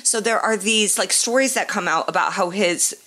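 A woman co-hosting a casual sports podcast, animated, with laughing, mock-outraged asides. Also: medium pitch, normal speed. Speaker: podcast co-host.

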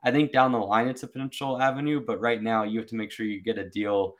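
A man giving measured sports business analysis. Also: fairly low pitch, steady tone.

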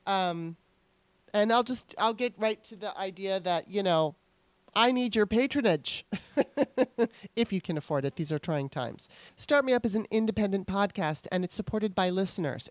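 A woman's voice: lowish voice, no echo. Chatty woman podcast host, dry close sound. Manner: chatty, rambling storytelling with warm asides. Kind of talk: casual solo podcast talk.

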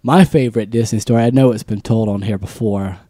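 A man's voice: on the low side, a little fast, no room sound, clean studio sound. A young man co-hosting a podcast, casually telling a funny story and acting out the lines. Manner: animated storyteller, acts out quotes. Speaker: podcast co-host.

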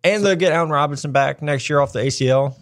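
A man's voice: fairly high pitch, fast. A man hosting a sports podcast in casual, joking banter, recorded in an office. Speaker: podcast host.

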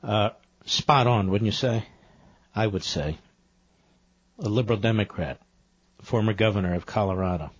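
A man's voice: lowish voice, moderate pace, long pauses, husky, no room sound, muffled recording. A man hosting a political talk radio show, delivering an emphatic monologue that repeats phrases and builds to indignant peaks.

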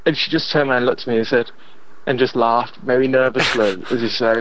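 A chatty Englishman on a podcast, telling self-deprecating stories and laughing at his own jokes. His voice sits in an ordinary male pitch, with a faint noise underneath. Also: fairly even intonation, brisk, a bit bright, rough recording. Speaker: podcast guest. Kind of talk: casual podcast chat.

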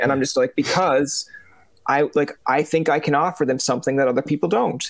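A man hosting a podcast, talking in a relaxed, rambling way with lots of fillers. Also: fairly high pitch, fairly quick, vocal fry, no echo. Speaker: podcast host. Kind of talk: casual podcast chat.

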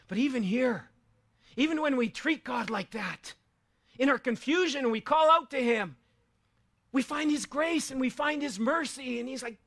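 Middle-aged male pastor, bright and ringing tone, conversational sermon with sudden loud emphasis. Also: extremely high pitch, normal speed. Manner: conversational storytelling, swings from quiet asides to loud emphasis.

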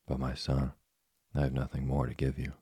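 A man voicing a patient, kind old woodcarver father in a storybook reading, gentle, calm and moralizing. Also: a bass voice, moderate pace, no echo, clean studio sound, exaggerated voice. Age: older. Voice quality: gravelly, husky.

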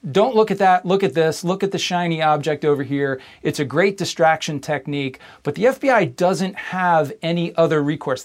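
A man guesting on a news show, explaining a legal matter in a measured, analytical way. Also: on the high side. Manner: measured, analytical, with small restarts. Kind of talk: news interview.

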